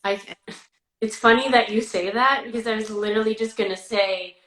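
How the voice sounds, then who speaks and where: A woman's voice: on the high side, brisk, roomy sound, poor audio. A woman in her thirties hosting a podcast, talking candidly and animatedly in casual chat. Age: 30s. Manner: candid, animated, rambling with restarts. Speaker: podcast host.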